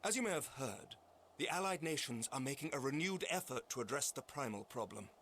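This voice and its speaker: A man voicing an earnest, formal nobleman who leads a holy city, speaking in measured, courtly phrases. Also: medium pitch, lively intonation, fairly bright tone, slight background noise. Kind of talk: formal game dialogue. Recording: game audio with faint music. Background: faint game music.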